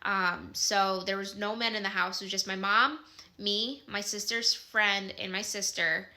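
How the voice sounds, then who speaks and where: Midwestern woman, 30s, casual chatty storyteller, sharp bright voice, loose with fillers. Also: medium pitch, steady tone, measured pace. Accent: Midwestern American.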